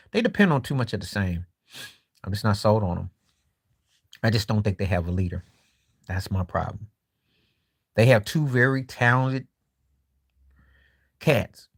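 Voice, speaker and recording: Casual live-stream host, a man, skeptical and blunt, keeps clearing his throat, talking into a phone. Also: on the low side. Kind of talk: casual basketball opinion talk. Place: walking while streaming.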